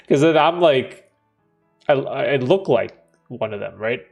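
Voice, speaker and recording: A man's voice: mid-range voice, animated, unhurried, creaky, a little mellow, soft background music. A young man hosting a livestream, chatting casually with slang and frequent laughs while reading comments aloud. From Canada. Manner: laid-back, slangy, laughs often, reads chat aloud. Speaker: livestream host.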